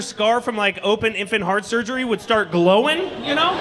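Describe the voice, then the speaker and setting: A man performing a stand-up comedy set on a comedy club stage, talking in an animated, conversational, mocking way. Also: very high-pitched, fairly quick, few pauses, heavy background noise.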